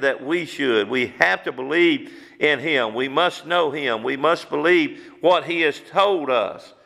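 A man preaching a sermon as pastor, repeating phrases, asking rhetorical questions and slowing down to stress key words. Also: mid-range voice, gravelly, a bit bright, in a large hall. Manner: repetitive preaching, rhetorical questions, slows for emphasis.

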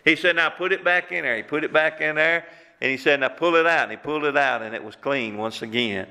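A pastor preaches a sermon in a fairly high, gravelly voice that sounds pushed and bright, speaking at a quick pace. As he builds emphasis his voice rises and falls, and he repeats words when worked up, all within the reverb of a hall.

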